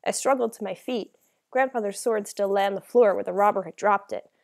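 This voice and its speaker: A woman's voice: medium pitch, fairly quick, vocal fry. A woman narrating a first-person novel as an audiobook, reading in a dramatic, emotional way.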